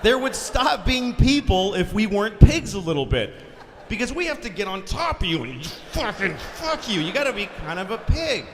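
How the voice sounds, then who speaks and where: A man's voice: high-pitched, very animated, normal speed, a bit bright. A man from Boston doing a crude, blunt stand-up comedy set on stage in a large concert hall. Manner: blunt, crude, exasperated rants. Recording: live theater recording with audience noise.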